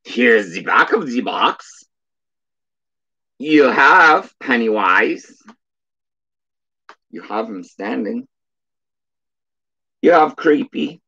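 Casual stream host, male, bright edgy tone, reads chat in a flat drawl. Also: medium pitch, vocal fry, husky, lo-fi sound. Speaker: live stream host reading viewer chat.

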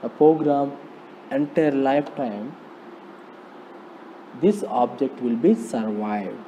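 A man with an Indian English accent giving a slow, repetitive programming lecture, often asking rhetorical questions. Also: mid-range voice, mellow. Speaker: polytechnic lecturer. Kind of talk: recorded classroom lecture on programming. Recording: dull lo-fi recording, faint noise.

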